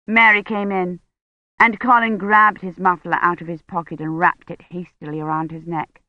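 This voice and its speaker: An audiobook narrator reading a novel in a measured, even way. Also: mid-range voice, no echo, lo-fi sound. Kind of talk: scripted narration.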